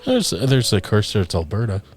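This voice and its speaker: A man's voice: on the low side, wildly swooping pitch, moderate pace, slightly rough, soft background music. A man co-hosting a game stream, chatting casually and hesitantly, often repeating words as he starts. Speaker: stream co-host. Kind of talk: casual let's-play chat.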